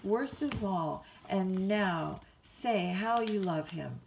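A woman's voice: medium pitch, takes it slowly, gravelly, background noise. A woman reading a bedtime story, voicing a blunt middle-aged housekeeper who answers in a dry, scolding way. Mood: tart.

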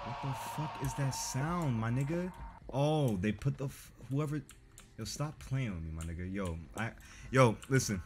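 A man's voice: medium pitch, animated, normal speed. A young man streaming a horror game, giving a profane, jumpy, joking running commentary. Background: game music.

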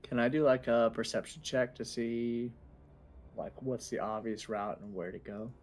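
A man at a tabletop game who casually and tentatively asks what his character can do. His voice sits at a middle pitch. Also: fairly even intonation, moderate pace, darkish tone. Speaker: player.

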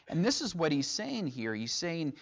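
A man's voice: a little high, big pitch swings, normal speed, creaky. Man preaching verse by verse. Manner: reads scripture aloud, explains verse by verse. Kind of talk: Bible teaching sermon. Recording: dull lo-fi sound.

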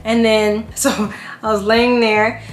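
A woman in her thirties, a family vlogger, telling a personal story casually to camera and acting out what people said. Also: slow. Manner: animated, acts out quotes with big pitch jumps. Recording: echoey room with faint music.

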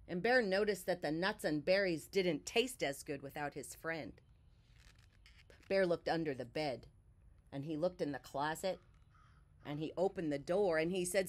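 A woman reading a picture book aloud to children, expressive and unhurried, sometimes sinking to a soft whisper. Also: lowish voice. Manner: animated, slow and expressive, drops to soft whispers. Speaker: children's story reader. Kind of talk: read-aloud storytelling for children.

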